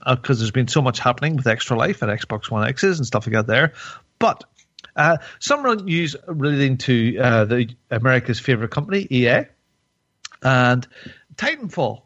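A man's voice: mid-range voice, big pitch swings, normal speed, a bit bright, no echo, muffled recording. A man hosting a casual podcast chat, rambling and joking with lots of fillers and restarts, a little tipsy from wine. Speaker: podcast host.

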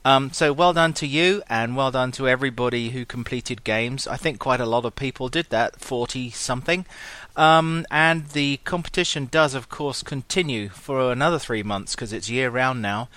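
A man's voice: medium pitch, moderate pace, bright, forceful tone, no echo. A man hosting a community segment, giving a chatty, jokey announcement. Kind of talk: pre-recorded casual announcement.

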